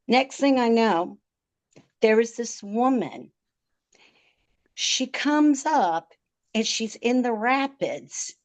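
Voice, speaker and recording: High-voiced woman retelling a close call. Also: expressive, slow pace, pauses often. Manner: vivid, emotional storytelling with frequent stammered repeats. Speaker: podcast guest. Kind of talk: recounting a personal story.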